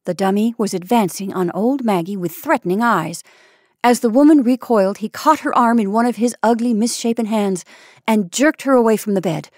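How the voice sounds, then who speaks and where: A woman narrating an old short story in a measured, expressive reading. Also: mid-range voice, no echo, studio quality. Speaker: story reader. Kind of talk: scripted narration.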